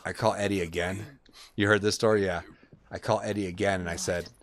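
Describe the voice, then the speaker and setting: Streamer, middle-aged guy, lowish voice, acts out the voices in his story. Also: a little fast. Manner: animated, acts out voices, says man a lot. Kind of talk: casual storytelling while streaming a game.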